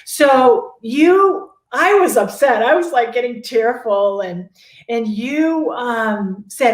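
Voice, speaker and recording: Animated woman storyteller, higher voice, echoey room. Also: slow pace. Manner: animated, laughing, acts out quotes. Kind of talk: casual storytelling chat. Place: Sedona, Arizona.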